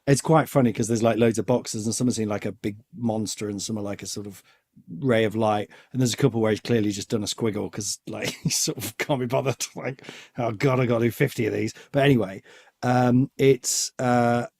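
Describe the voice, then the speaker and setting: A man's voice: lowish voice, fairly even intonation, fairly quick, darkish tone. A man hosting a podcast in a chatty, rambling, joking way. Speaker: podcast host. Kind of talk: casual chat.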